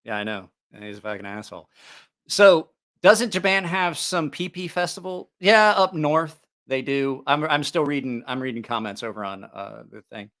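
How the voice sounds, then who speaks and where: A man's voice: medium pitch, lively intonation, moderate pace, fairly bright tone. A man hosting a casual livestream about knives, joking, teasing viewers and laughing often. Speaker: knife channel host.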